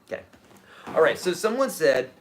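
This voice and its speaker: A man's voice: fairly high pitch, sing-song, moderate pace, a little hiss or hum. A man teaching a live-streamed guitar lesson, chatty and explaining, humming riffs as he goes.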